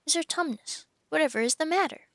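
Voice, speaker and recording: An earnest little girl, worried and insistent, pleading in a lifted, higher voice, as a woman reading a storybook puts her on. The voice keeps a creaky edge and sounds dry and close. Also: fairly quick, fairly bright tone, no room sound.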